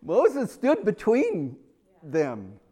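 A man preaching a sermon, telling the story with animated swings from loud to hushed. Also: high-pitched, very slow.

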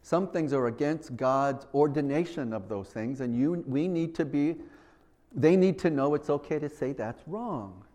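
A man's voice: fairly high pitch, normal speed, mellow. Guy preaching, earnest, repeats stuff, plays out little chats. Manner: earnest, repeats himself, acts out dialogue. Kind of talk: sermon.

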